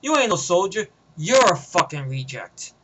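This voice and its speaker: एक आदमी एक सख़्त महिला सैनिक का किरदार निभाता है, जो ताने कसते हुए, तिरस्कार भरे लहजे में बोलती है।. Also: male voice, sits high, big pitch swings, moderate pace, sharp tone, husky, heavily acted. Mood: taunting. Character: tough female soldier, cold and taunting.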